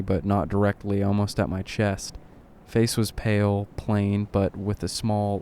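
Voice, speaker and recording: A man with a low, mellow voice reads horror stories in a flat, deadpan way that barely rises or falls. A faint hiss of noise sits under the recording. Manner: low, deadpan delivery with dry asides. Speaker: narrator. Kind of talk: reading horror stories aloud.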